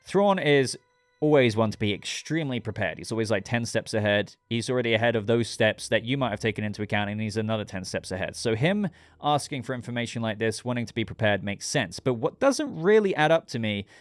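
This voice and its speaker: A man's voice: medium pitch, lively intonation, fairly quick, no echo. A man hosting his own channel, giving a casual, rambling episode review and talking straight to his viewers. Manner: rambling, chatty, addresses viewers directly.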